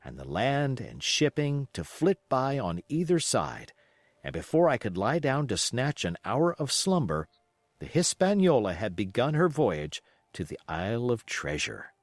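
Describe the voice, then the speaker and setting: A man reading a classic adventure novel aloud as an expressive audiobook narration. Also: medium pitch, unhurried, dry recording.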